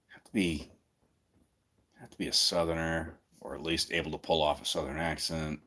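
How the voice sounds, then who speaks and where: Deep-voiced man musing casually. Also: little pitch movement, a little slow, a bit bright. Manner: musing, thinking aloud, joking. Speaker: streamer hosting a chat. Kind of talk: casual livestream chat.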